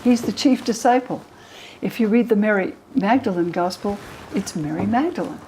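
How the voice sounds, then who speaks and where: An older woman scholar explaining old texts to an interviewer, lively, acting out the quoted speakers in higher voices. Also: normal speed, a little hiss or hum, low-quality recording. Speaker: religion scholar and guest.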